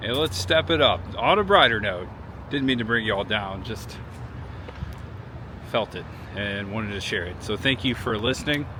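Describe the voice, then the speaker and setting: A man narrates his travel vlog in a relaxed, chatty way, turning reflective and emotional at times. His voice sits low. Traffic and city noise hum clearly behind him outdoors. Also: moderate pace. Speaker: travel vlogger.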